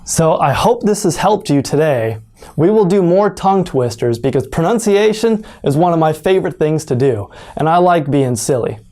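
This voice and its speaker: A native English speaker runs an online pronunciation lesson, exaggerating sounds and speaking deliberately to demonstrate. Their medium-pitched voice sounds animated and mellow.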